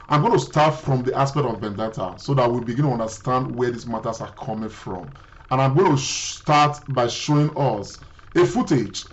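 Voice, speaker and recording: Man, talk show host, hesitant, lots of fillers, mid pitch, slightly dull lo-fi sound. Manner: hesitant, many fillers and self-corrections.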